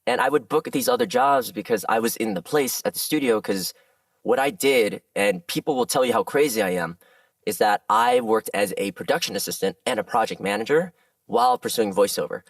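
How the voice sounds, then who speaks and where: A man who works as a voice actor, chatting as a guest in a casual podcast interview and telling animated stories with frequent laughs. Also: medium pitch, a little fast, creaky, no echo, recorded from a distance.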